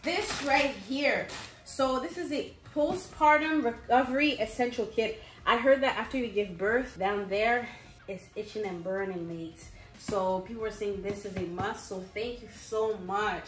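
An excitable young woman talks through her baby gifts in a chatty, upbeat vlog, often calling her viewers "mates". Her voice sits a little high. The sound carries a noticeable room echo. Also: a little slow. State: pregnant, briefly out of breath. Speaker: vlogger. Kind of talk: casual haul vlog. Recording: echoey room.

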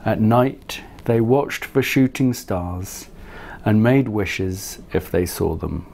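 A man reading his own picture book aloud to children in a gentle, unhurried storytelling manner. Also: fairly low pitch, vocal fry, slight background noise.

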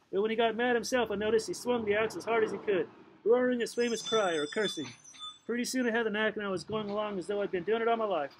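In this rough recording with a little hiss or hum, a high-voiced man narrates a novel casually. He reads playfully and loosely, now and then tripping over words and adding side comments the way an audiobook reader might.

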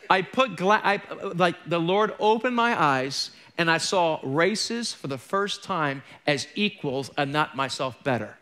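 A man's voice: a little high, lively intonation, measured pace, bright, forceful tone. A middle-aged man preaching a sermon as a pastor, candid and conversational, with joking asides. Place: church.

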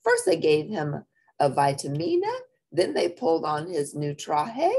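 A woman reading a children's picture book aloud in an expressive, playful way. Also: low-pitched, measured pace, husky. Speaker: storybook reader.

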